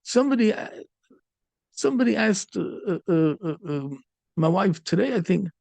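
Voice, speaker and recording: A man's voice: high voice, lively intonation, normal speed, gravelly, a little mellow, dry recording. A middle-aged man, a rabbi, giving a storytelling sermon peppered with Yiddish and Hebrew terms.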